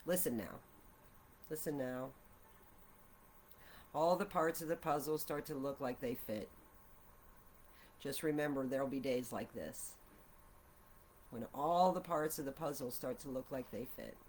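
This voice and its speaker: Gentle meandering woman, soft affirmations. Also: very deep voice, moderate pace, pauses often, slight background noise. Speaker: art journaling vlogger. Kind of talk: meditative casual chat while drawing. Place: at home, seated at a desk. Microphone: camera mic.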